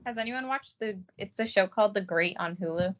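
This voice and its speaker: A woman's voice: medium pitch, brisk. A woman chatting enthusiastically in a casual book club talk. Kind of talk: casual chat.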